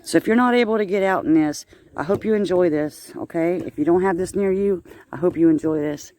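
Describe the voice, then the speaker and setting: A woman's voice: lowish voice, a little fast, warm tone. A woman, talking casually to her viewers as she films a walk through a swamp on her phone. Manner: chatty, exclaiming at the scenery. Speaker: vlogger. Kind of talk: casual walking vlog. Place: outdoors on a swampy nature walk. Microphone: handheld phone camera. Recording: faint background noise.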